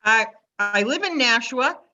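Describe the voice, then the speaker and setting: An older woman in her seventies with a Boston accent tells a personal story in a chatty, lively way. Her voice sits a little high and sounds bright. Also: a little slow, dull audio. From Massachusetts. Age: 70s. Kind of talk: personal story told to an online audience.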